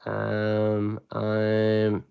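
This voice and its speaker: A man's voice: on the low side, completely flat delivery, drawn-out words, creaky, clean tone, lo-fi sound. A man teaching a casual live watercolor lesson, chatty and rambling with laid-back slang. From United States.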